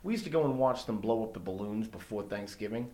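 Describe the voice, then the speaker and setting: A man from New York co-hosting a casual chat and telling stories in an animated way, acting out the people in them. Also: on the low side, quick pace. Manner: animated storyteller who acts out people. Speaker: co-host. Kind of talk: casual conversation.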